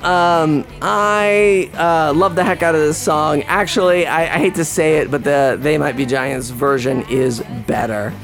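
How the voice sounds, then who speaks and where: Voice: medium pitch, steady tone, a little slow, vocal fry, hardly any pauses, fairly bright tone, soft background music. A podcast host rambling casually about a movie, wry and full of restarts. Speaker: podcast host reviewing a film.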